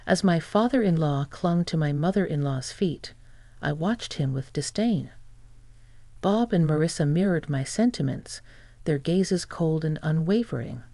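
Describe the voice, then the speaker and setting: A text-to-speech woman narrating a scripted story in an even, flat reading. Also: low-pitched, moderate pace, vocal fry, no room sound.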